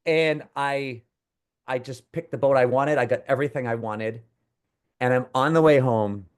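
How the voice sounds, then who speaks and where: A man co-hosting, telling a long personal story in a rambling, animated way with many restarts. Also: medium pitch, moderate pace. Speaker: co-host. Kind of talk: casual storytelling.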